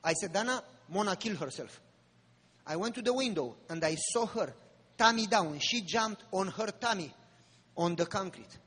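A man preaching a sermon, telling a personal story with drama and rising to fervent appeals in a husky voice. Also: sits high, animated, moderate pace, fairly bright tone. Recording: long reverb of a large hall.

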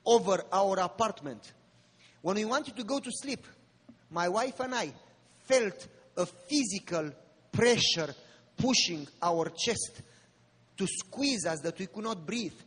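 A man preaching a sermon, telling a personal story with drama and rising to fervent appeals in a husky voice. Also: high-pitched, animated, slow, pauses often, a bit bright. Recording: long reverb of a large hall.

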